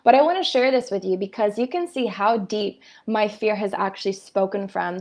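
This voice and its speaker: A woman in her thirties gives a live-stream talk as a spiritual coach. Her voice has a gravelly grain at an ordinary middle pitch. She speaks candidly and with fire. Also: normal speed, few pauses, darkish tone. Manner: candid, fiery and swearing.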